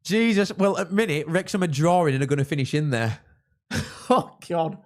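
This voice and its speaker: A young man from England, hosting a live football watchalong and chatting with viewers, reacting loudly to goals. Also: on the high side, moderate pace. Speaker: livestream host.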